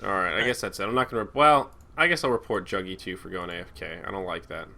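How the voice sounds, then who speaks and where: A man's voice: sits low, fast, creaky, pushed and bright. A young man from New Jersey co-hosting a casual podcast, sarcastic and ranting, swearing often. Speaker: co-host.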